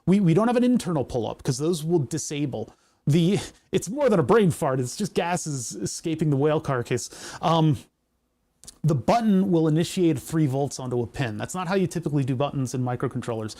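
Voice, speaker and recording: Male streamer, a touch high-pitched; loose, jokey think-aloud patter over hobby electronics work. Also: expressive, a little fast, warm tone. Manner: rambling, jokey, thinks aloud through technical steps. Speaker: live streamer building electronics. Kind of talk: casual live-stream chat while working.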